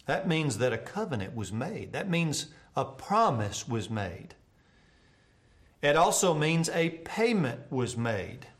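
Man, pastor, sermon, earnest storytelling, mid pitch, softens for tender moments. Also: big pitch swings, takes it slowly. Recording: televised church broadcast.

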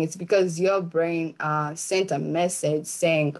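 A woman's voice: lowish voice, unhurried. A woman giving an informal Christian teaching talk, chatty and laughing often, with many fillers.

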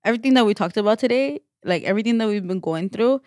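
A woman's voice: mid-range voice, fast talker, darkish tone, no room sound. Young woman podcast cohost, rambly, says like a lot, curses casually, dry close sound. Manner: rambling, full of "like" and restarts, swears freely. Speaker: podcast co-host. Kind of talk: casual chat.

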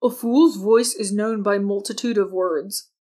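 A woman voicing a cocky, sharp-tongued teenage boy. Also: medium pitch, a little slow, lightly acted. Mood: pleased, cocky. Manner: calm, cutting, self-assured. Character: bold, clever teenage boy.

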